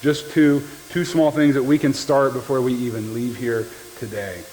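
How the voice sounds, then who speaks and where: A man's voice: medium pitch, steady tone, normal speed, darkish tone. A man preaching a sermon as the pastor, in a conversational, joking way that keeps checking in with the listeners. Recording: long hall reverb with faint background noise.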